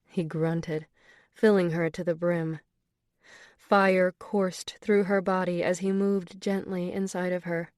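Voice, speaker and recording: Female audiobook narrator, measured and intimate, low-set voice. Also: steady tone, a little mellow, no echo, clean studio sound.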